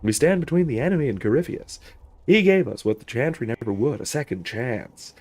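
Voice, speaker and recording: A man's voice: mid-range voice, expressive, fairly quick, a little mellow. A man voicing a zealous rebel general. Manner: declaiming a letter in a put-on accent. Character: stern male rebel general, zealous and commanding.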